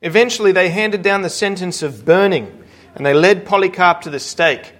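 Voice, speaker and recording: Earnest, slightly high-voiced male preacher. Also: moderate pace, a bit bright. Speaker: pastor. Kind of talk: sermon.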